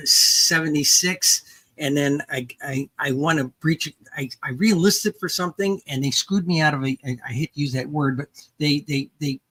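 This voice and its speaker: An older woman author telling a story in casual conversation, animated, acting out dialogue with some restarts. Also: sits low.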